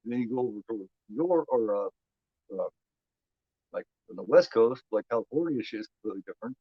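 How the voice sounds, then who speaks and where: A man's voice: mid-range voice, lively intonation, quick pace, slightly rough, dry recording, dull audio. A man from Indiana with a Midwestern American accent, hosting a movie watch-along stream in loose casual chat, rambling and repeating his words. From United States.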